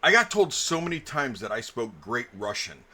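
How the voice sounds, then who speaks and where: A man's voice: mid-range voice, very animated, normal speed, bright, forceful tone. A man serving as game master, chatting casually and rambling through a story with lots of fillers. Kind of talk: casual table chat between game sessions.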